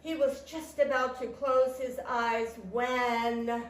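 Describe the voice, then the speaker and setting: Woman reading a picture book slowly. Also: a little high. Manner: slow, animated read-aloud with sound effects. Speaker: storytime reader. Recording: echoey room, mic at a distance.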